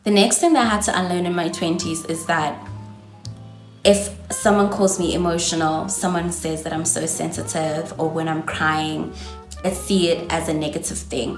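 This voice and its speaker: A woman's voice: deep voice, steady tone, moderate pace, roomy sound, faint music behind. A South African woman in her twenties with a South African accent, giving chatty, encouraging advice to camera as a vlogger. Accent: South African English. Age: 20s. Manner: chatty, encouraging, calls viewers darling. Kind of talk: casual advice talk to camera.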